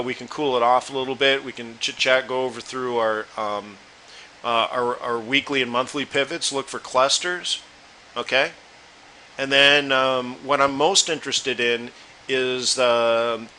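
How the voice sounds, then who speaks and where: A man's voice: medium pitch, sharp tone, slight background noise, low-quality recording. A man hosting a live trading webinar, chatting loosely and talking straight to his viewers. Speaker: forex trading room host.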